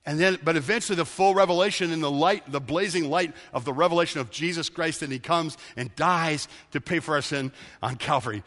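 Preaching as a pastor, a man speaks briskly in a high, bright, ringing voice. He drives his points home by repeating key words, and the large hall's long reverb trails every phrase.

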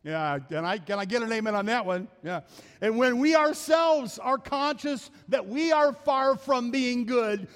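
A middle-aged man with an American Midwestern accent, a pastor preaching a sermon, quoting scripture and calling for amens from the congregation. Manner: drops to a soft, low storytelling voice in anecdotes. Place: church sanctuary. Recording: church hall reverb.

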